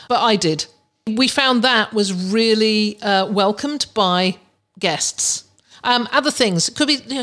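A woman's voice: mid-range voice, a bit bright. A woman hosting a podcast, giving casual advice in a chatty way with many restarts and fillers. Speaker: podcast host.

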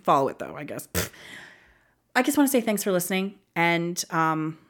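A young woman hosts her own podcast in a loose, chatty way, her pitch swinging widely as she talks. She laughs often, leans on fillers, and gets openly emotional. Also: very animated, brisk. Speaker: podcast host. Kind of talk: casual solo podcast chat.

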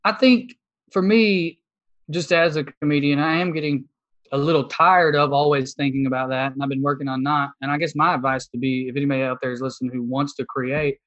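Blunt Southern man, slightly higher voice. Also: fairly even intonation, brisk, fairly bright tone, highs cut off. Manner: blunt, profane, opinionated. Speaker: comedian, podcast guest. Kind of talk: candid conversation.

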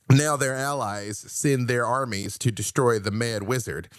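A man's voice: mid-range voice, unhurried, few pauses, no room sound, studio quality. A man guest on a podcast, animatedly telling tabletop game stories and acting out his players. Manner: animated storyteller, acts out players' lines. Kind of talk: casual podcast interview.

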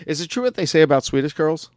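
A man's voice: a little high, lively intonation, fairly quick, no echo. Man, podcast host, joking, self-mocking, dry close mic, casual chat.

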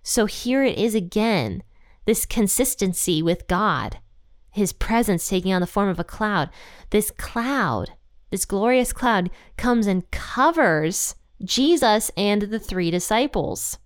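A young woman talks through a Bible passage on her own podcast in a loose, conversational way, thinking aloud and tossing out her own guesses. Her voice is smooth and clear at a middle pitch. The sound is dry and close, with no room around it. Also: lively intonation, slow, no echo. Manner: chatty, thinks aloud with fillers and speculation. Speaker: podcast host teaching the Bible. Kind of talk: casual Bible teaching podcast.

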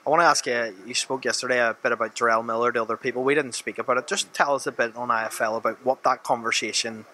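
A man's voice: medium pitch, steady tone, fast, pushed and bright, a little hiss or hum, poor audio. A man interviewing a boxing promoter, asking direct questions.

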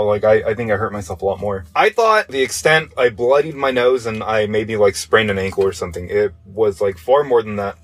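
A man's voice: medium pitch, fairly bright tone, slightly rough. A male podcast host telling a story from his past in a casual, profane, jokey way, exaggerating for laughs.

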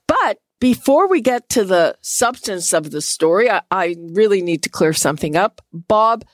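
A woman hosting a radio talk show, interviewing a guest in a measured, precise way. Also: fairly low pitch, dry recording. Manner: measured, precise about pronunciation.

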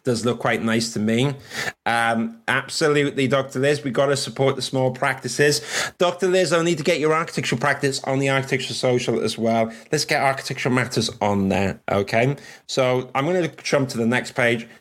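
A man's voice: mid-range voice, fairly quick, a bit bright. A man from Wales hosting a casual livestream chat, chatty and rambling, laughing often. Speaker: host.

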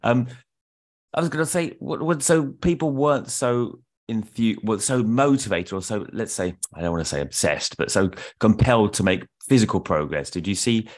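A man hosting an interview, talking quickly and filling gaps with short murmurs. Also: fairly low pitch. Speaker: podcast host, interviewer. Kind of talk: casual interview.

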